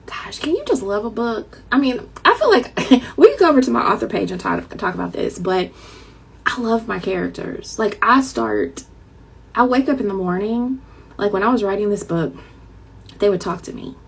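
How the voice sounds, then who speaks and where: A woman's voice: mid-range voice, sing-song, normal speed, gravelly, husky, poor audio. A woman author chatting casually to her viewers with a light Southern twang, dramatic and talkative, calling them y'all.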